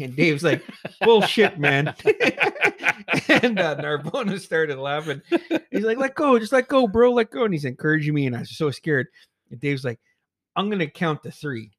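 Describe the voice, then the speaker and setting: A man's voice: a little high, animated, brisk, a bit bright, no room sound, studio quality. A man telling a childhood story in casual chat, swearing freely, laughing often and acting out his friends' voices. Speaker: podcast co-host.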